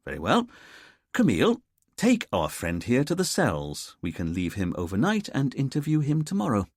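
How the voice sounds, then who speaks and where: A man's voice: medium pitch, wildly swooping pitch, moderate pace, dry recording, studio quality. A man voicing a fussy, pedantic male detective inspector in an audiobook, speaking in a teacherly way.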